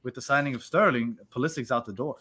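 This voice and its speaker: A man's voice: medium pitch, quick pace, a bit bright, slightly rough. A man from the United States hosting a casual sports podcast in an easygoing, laid-back way. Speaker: podcast host.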